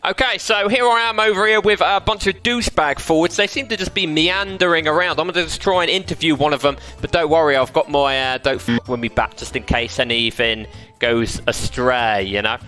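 A man's voice: on the high side, a little fast, sharp tone, faint music behind. A man giving mischievous, playful commentary on a VR game while he plays, laughing often. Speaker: game streamer.

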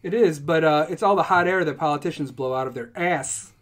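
A man's voice: a little high, a little fast, a bit bright. A man hosting a podcast, joking and rambling through casual banter with his guests. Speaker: podcast host. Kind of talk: casual chat.

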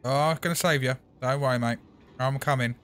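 A man commentating a video game as he plays, chatty and excitable, talking to the game as he goes. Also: medium pitch, brisk, faint music behind. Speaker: gaming channel host. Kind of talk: gameplay commentary.

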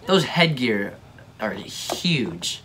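A man's voice: mid-range voice, sing-song, extremely slow, pushed and bright. A young man giving casual reaction commentary, slangy, mocking and easily exasperated. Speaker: video reactor.

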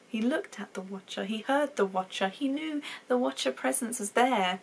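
Gravelly, husky woman reviewing a cartoon. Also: medium pitch, moderate pace, few pauses. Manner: emotional, exclaiming often. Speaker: reaction channel host. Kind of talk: casual reaction and review.

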